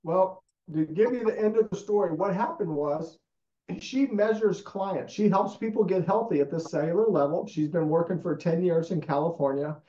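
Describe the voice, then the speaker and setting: A man, a guest, telling stories in conversation in an emphatic, animated way. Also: high-pitched, moderate pace. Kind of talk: enthusiastic storytelling in conversation. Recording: echoey, dull lo-fi sound.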